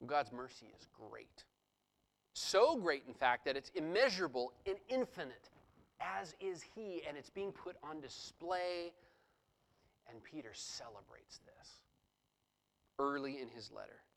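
Man, pastor, sermon, high-pitched voice, expository preaching. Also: sing-song, a little slow, creaky, low-quality recording. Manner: expository preaching, rising intensity when reading scripture.

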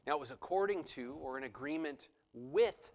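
A man's voice: a little high, lively intonation, moderate pace, darkish tone, low-quality recording. A man preaching a sermon, explaining a scripture passage verse by verse and reading passages aloud with rising intensity. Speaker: pastor.

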